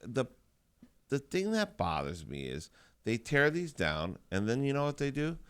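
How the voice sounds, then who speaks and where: A man co-hosting a morning radio show, bantering in an animated, incredulous way. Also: mid-range voice, a little slow, clean tone. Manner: animated, incredulous, laughs often. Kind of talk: casual banter.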